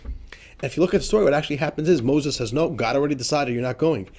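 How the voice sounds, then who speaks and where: This rabbi, a man with a slightly high and somewhat mellow voice, talks fast as he teaches a class on a religious text. His explanatory lesson is chatty and informal, full of fillers like "right?" and "you know," and he often poses rhetorical questions to his listeners.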